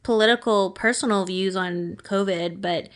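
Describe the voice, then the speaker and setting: A woman co-hosting a podcast, chatting casually and reacting to a story with quick interjections and casual swearing. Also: medium pitch. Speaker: podcast co-host. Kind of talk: casual chat.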